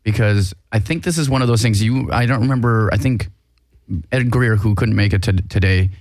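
Low-voiced man, dry close sound. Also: moderate pace, a little mellow, no echo. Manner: rambling, self-interrupting. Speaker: podcast host. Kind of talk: casual chat.

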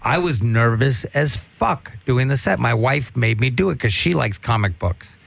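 A man's voice: medium pitch, animated, moderate pace, vocal fry. A man, a stand-up comedian, telling rambling, profane stories in casual chat.

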